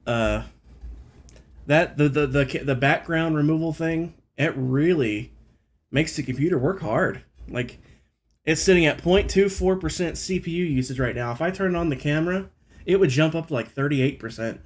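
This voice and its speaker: A man's voice: on the high side, normal speed. Chatty man streaming to his viewers. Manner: chatty, rambling, self-deprecating. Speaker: live streamer. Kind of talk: casual live-stream chat with viewers. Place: at home at his computer.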